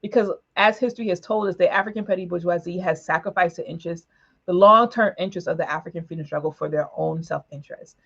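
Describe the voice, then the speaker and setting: A woman speaking emphatically in a political broadcast discussion, with quick asides and short laughs. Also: on the low side, creaky, a bit bright, husky, lo-fi sound. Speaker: panelist for a women's political organization.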